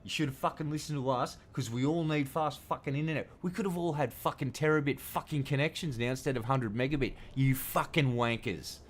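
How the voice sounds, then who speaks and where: A man's voice: mid-range voice, fairly quick, hardly any pauses, slight background noise. A man with an Australian accent giving casual, profane, ranting commentary while streaming a game.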